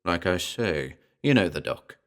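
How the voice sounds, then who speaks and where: A man doing a gruff talking gorilla, slangy and wisecracking, low-voiced, storybook reading. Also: big pitch swings, unhurried. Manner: pidgin speech turning to slangy tough-guy wisecracks.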